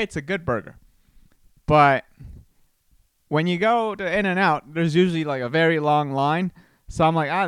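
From his Texas home, a man hosts his own podcast, telling a rambling personal story in a chatty, casual manner full of restarts and fillers. His voice is on the high side, clear and resonant, and the recording is dry.

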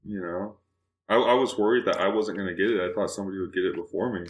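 An easygoing man chats as a podcast guest, with a lowish voice. The room around him sounds echoey, as if he is in a bare space. He talks in a modest, relaxed way. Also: fast talker. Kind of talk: casual podcast chat.

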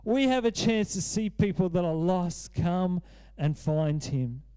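A man's voice: high voice, animated, a little slow, mellow, smooth. A man in his thirties preaching a sermon as pastor, earnest and repeating phrases for emphasis.

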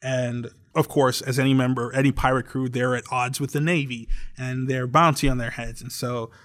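Animated young man retelling a story. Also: medium pitch, moderate pace. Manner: animated storytelling, acts out quotes. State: tearing up. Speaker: podcast co-host. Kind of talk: casual chat.

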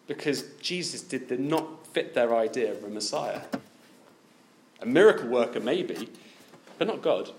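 A man's voice: mid-range voice, slight background noise. A man preaching a sermon, asking his listeners many direct questions.

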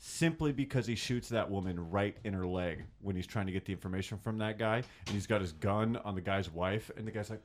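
A man co-hosting a casual podcast chat. He rants excitedly and keeps cutting in. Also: lowish voice, a little fast, few pauses. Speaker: podcast co-host.

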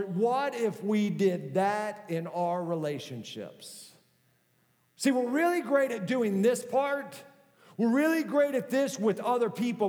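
High-voiced pastor preaching in a hall. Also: male voice. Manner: conversational, animated preaching with acted-out quotes. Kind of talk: sermon. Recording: hall reverb.

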